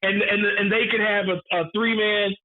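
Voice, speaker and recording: A man's voice: sits high, little pitch movement, normal speed. A man co-hosting a casual movie review podcast, emphatic and swearing freely, repeating his points for effect. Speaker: podcast co-host. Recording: narrow phone-like sound.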